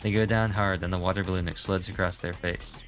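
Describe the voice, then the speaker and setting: A man's voice: low-pitched, fairly even intonation, brisk, a bit bright, soft background music. A man streaming his reaction to a game, musing casually and reading the story text aloud.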